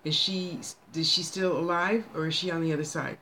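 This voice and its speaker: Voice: mid-range voice, fairly even intonation, a little fast, bright, forceful tone, a little hiss or hum. A psychic medium doing a casual live reading, chatting aloud with spirits in a folksy, bossy manner and stretching words out.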